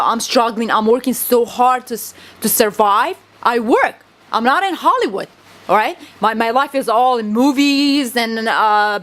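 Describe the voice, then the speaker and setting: A woman's voice: on the high side, a bit bright. Agitated rambling woman, Kurdish native. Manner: rambling, agitated, swearing, repeats herself. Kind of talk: venting monologue to camera.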